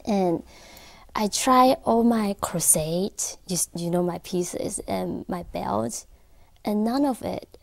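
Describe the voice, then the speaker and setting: A woman, an accessory designer, telling a story as an interview guest in a filming studio. Her English is halting and full of fillers. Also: mid-range voice, creaky, dry recording. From Taiwan. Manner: halting non-native English with frequent fillers.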